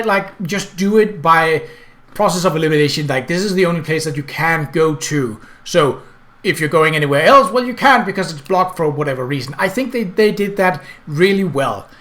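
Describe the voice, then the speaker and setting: A man with a Danish accent talks through a video game in a loose, rambling way, full of "like" and "uh". His voice sits a little higher than most men's. He is a native Danish speaker chatting casually in English. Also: fairly bright tone. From Denmark. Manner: rambling, filler-heavy. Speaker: game commentator.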